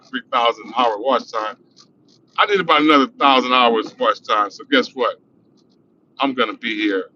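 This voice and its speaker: A man's voice: fairly low pitch, bright, forceful tone, slight background noise. Middle-aged male streamer, laid-back and profane, muffled lo-fi sound, talking while driving. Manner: loose, profane, laughing storytelling. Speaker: livestream host. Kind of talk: casual storytelling livestream.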